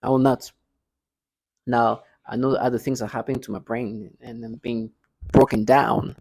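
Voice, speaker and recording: A man's voice: mid-range voice, flat delivery, moderate pace, gravelly, darkish tone, breathy edge, no room sound, low-quality recording. A man talking to his viewers in a casual monologue, insistent, often repeating words and restarting. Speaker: vlogger addressing his viewers. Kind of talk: casual spoken monologue to camera.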